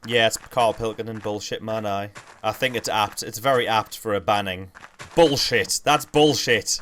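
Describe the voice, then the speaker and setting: Laid-back Geordie man, low voice. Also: fairly even intonation, normal speed, a bit bright, a little hiss or hum. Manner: chatty, rambling, laid-back. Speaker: livestreamer. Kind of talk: casual gaming livestream chat.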